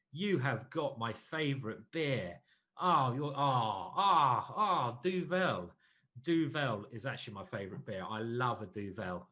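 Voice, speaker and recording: A man's voice: mid-range voice, a bit bright. A man giving live-streamed chess commentary, explaining moves and joking with his viewers in between.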